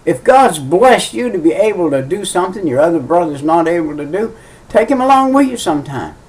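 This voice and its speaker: A man's voice: high-pitched, big pitch swings, brisk, rough recording. A middle-aged man preaching a sermon in a folksy, emphatic way, often repeating his key phrases.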